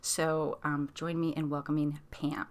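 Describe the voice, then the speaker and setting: A woman's voice: deep voice, little pitch movement, unhurried, no echo. A woman hosting a podcast, chatting casually with plenty of fillers and restarts. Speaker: podcast host. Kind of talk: casual chat.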